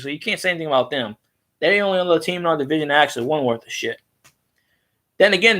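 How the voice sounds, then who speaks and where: A man rambling in a casual, profane, excitable monologue as a sports-fan vlogger. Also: sits high.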